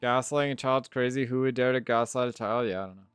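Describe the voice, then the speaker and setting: A man's voice: medium pitch, fast talker, clear, resonant tone, dry recording, faint music behind. A male live streamer chatting casually with his viewers, swearing freely and drifting off topic. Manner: swearing, animated, easily sidetracked. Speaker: live streamer answering chat.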